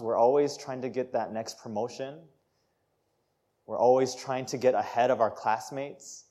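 A young man preaching a sermon, telling a personal story with lively, acted-out quotes and laughs. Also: medium pitch. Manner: animated storytelling, acts out quotes, laughs between lines. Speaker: pastor.

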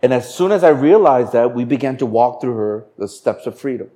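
A male pastor tells a story from the pulpit in an animated sermon voice. He swings between a raised, urgent delivery and a hushed, low one. His voice sits at an ordinary middle pitch. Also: brisk.

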